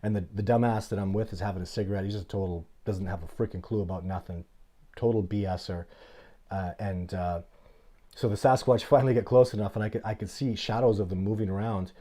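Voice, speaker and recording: Blunt, low-voiced man telling stories. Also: quick pace. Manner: animated storyteller, blunt and plainspoken. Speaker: host of a livestream Q&A. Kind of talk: casual live Q&A and storytelling.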